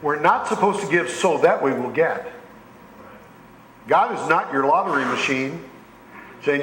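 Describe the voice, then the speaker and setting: Folksy pastor preaching in an echoey church. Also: male voice, a little high, lively intonation, measured pace, long pauses, fairly bright tone, slight background noise. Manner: folksy storytelling with rising emphasis on scripture. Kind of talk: sermon. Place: church sanctuary.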